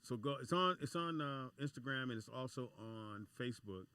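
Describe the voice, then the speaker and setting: Bright-voiced man, about sixty, hosting. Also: medium pitch, expressive, moderate pace, smooth, no echo. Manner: loose, laid-back, full of shout-outs. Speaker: radio show host. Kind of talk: casual radio talk.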